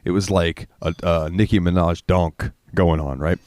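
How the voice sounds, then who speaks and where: A low-pitched man hosting a podcast, spinning loose, foul-mouthed stories full of ums and asides. His voice sits close and dry on the mic, with no room sound around it. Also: fairly even intonation, moderate pace, darkish tone, no echo. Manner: rambling, profane anecdotes with filler words. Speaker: podcast host. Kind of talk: casual storytelling chat.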